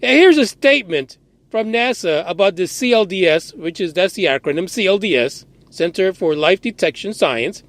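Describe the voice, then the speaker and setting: A man's voice: sits high, animated, normal speed, no echo. A man hosting a podcast, giving ranting news commentary in a profane, sarcastic and exasperated way, firing off incredulous questions. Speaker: podcast host.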